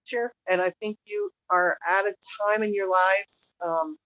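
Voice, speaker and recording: A woman with a mid-pitched voice talks earnestly in a relaxed interview, pausing often to find her words. The sound is close and dry. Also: no room sound, poor audio. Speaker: guest author. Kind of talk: casual conversational interview.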